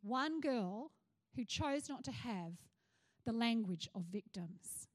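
A woman's voice: on the high side, expressive, slow pace. A middle-aged woman pastor with an Australian accent, preaching a passionate sermon that rises to fervent cries.

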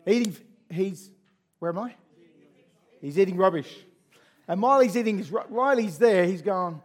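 A man preaching, retelling a story in a conversational, animated way with asides to listeners. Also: high voice, normal speed. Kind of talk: sermon storytelling.

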